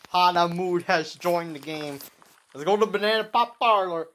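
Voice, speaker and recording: A young woman giving excited commentary over her gameplay, full of exclamations, repeats and restarts. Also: deep voice, measured pace. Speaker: gaming video creator.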